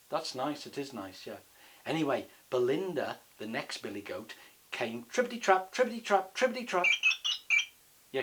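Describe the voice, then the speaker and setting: A man telling a bedtime story to a child, with gentle, chatty asides. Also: medium pitch, heavy background noise.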